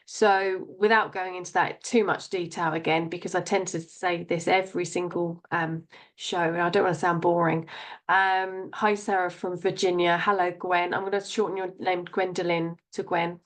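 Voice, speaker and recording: A woman hosting a live psychic stream, chatting warmly and greeting viewers by name, often calling them "my lovely". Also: fairly low pitch, steady tone, moderate pace. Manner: warm, chatty, reads out viewer names with endearments. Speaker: psychic show host.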